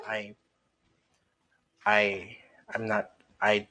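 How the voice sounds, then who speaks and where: A man voicing a shy, insecure young woman who speaks softly and stammers. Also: on the low side, completely flat delivery, extremely slow, exaggerated voice. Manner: soft-spoken, stammering.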